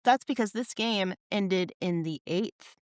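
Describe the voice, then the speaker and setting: A woman's voice: medium pitch, unhurried, smooth, no echo, clean studio sound. A woman co-hosting a podcast, chatting casually and teasing as she recaps a game. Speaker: podcast co-host. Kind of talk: casual chat.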